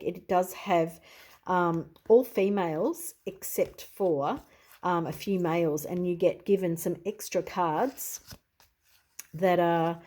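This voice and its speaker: A woman's voice: on the low side, darkish tone. A middle-aged Australian woman, a tarot reader, chatting easily in a show-and-tell video, often adding "you know" and "I suppose.".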